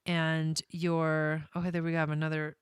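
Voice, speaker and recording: A woman's voice: sits low, monotone, moderate pace, smooth, dry recording, clean studio sound. A young woman chatting casually on a live stream, bubbly and prone to tangents, laughing often while giving astrology readings.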